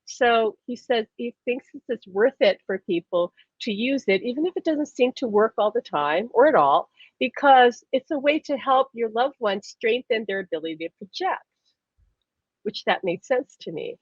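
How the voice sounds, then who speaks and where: A woman's voice: on the high side, moderate pace, slightly rough, dry recording. Chatty woman host on muffled stream audio. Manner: animated storyteller, laughs often. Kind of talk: casual chat.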